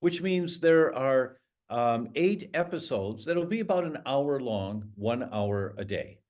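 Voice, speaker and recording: Middle aged guy on a podcast, animated, pitch all over the place. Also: slow pace. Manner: animated, emphatic storyteller. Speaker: guest doctor. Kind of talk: podcast interview.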